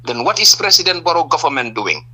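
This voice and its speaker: A man's voice: a little high, big pitch swings, fast talker, sharp tone, low-quality recording. A man with a Gambian accent, a political party leader giving impassioned answers in a radio interview, stressing point after point and firing rhetorical questions.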